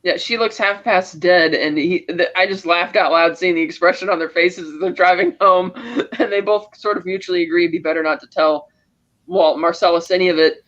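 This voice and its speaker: A man co-hosting a podcast, casually retelling a film's scenes and acting out the characters' lines. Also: fairly quick. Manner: animated retelling, acting out lines with raised pitch. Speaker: podcast co-host. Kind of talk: casual film recap chat. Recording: dull lo-fi audio.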